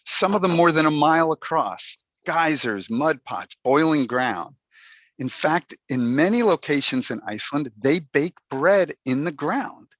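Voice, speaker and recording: A man with a fairly high, slightly bright voice gives a playful, humorous talk to a Toastmasters club over a video call, feigning mock dismay as he goes. The video call audio is dull and dry, with no room sound.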